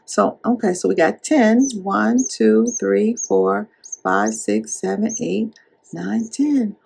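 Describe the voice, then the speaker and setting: A woman chatting casually while counting cash at home, animated and playful as she retells a story. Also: mid-range voice, slow pace, gravelly, slightly rough. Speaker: cash-stuffing YouTuber.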